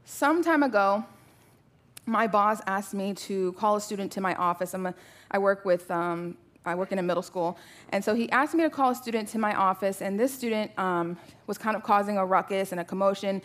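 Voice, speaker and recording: A woman in her thirties preaching a sermon to a church, telling personal stories in a conversational, animated way with many rhetorical questions. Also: mid-range voice, a little fast.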